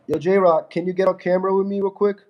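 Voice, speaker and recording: A young man trash-talks and laughs at a viewer during a casual livestream. His nose is stuffy from a fever. His voice sits a little high. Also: steady tone, fast talker, highs cut off. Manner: mocking, trash-talking, laughing at a chat viewer.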